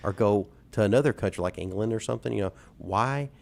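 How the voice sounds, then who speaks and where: A man's voice: fairly low pitch, quick pace, creaky, darkish tone. A man co-hosting a casual talk show, talking in a folksy, rambling way. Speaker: co-host.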